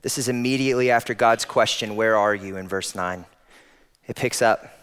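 A man preaching a sermon, swinging from loud emphatic peaks down to soft, intimate passages. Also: medium pitch, moderate pace, clean tone. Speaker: pastor. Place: church auditorium.

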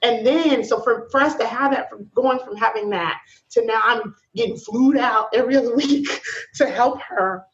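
A woman guest in a casual talk about faith, telling stories in a slangy, lively way with frequent laughter. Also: a little high, normal speed. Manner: animated storytelling with laughs. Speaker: podcast guest. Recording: dull lo-fi sound.

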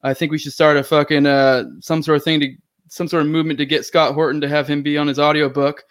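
A man's voice: on the high side, level tone, quick pace. A man hosting a casual podcast, rambling and profane, with frequent giggles. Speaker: podcast host.

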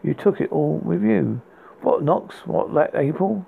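Gravelly man reading poems over a tinny line. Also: on the high side, expressive. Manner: halting, stumbles and restarts words. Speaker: podcast host. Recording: tinny phone-like sound with faint hiss.

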